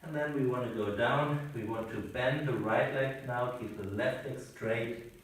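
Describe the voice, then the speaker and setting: Slow, calm man teaching yoga from afar. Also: mid-range voice. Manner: calm, slow guiding instructions. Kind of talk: instructional yoga class. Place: on a sailboat. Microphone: camera mic at a distance. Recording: roomy distant camera audio.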